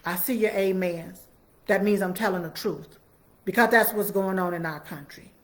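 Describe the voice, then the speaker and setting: A woman's voice: mid-range voice, moderate pace. A woman giving fiery, repetitive political commentary and talking straight to her viewers.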